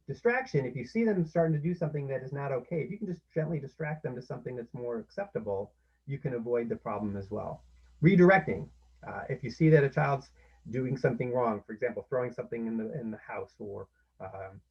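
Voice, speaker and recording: A man giving an instructional talk on parenting. His voice is gravelly and somewhat husky, set at a middling pitch. The sound is a little dull and lo-fi. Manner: explains step by step, often acting out what parents can say. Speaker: parenting workshop presenter.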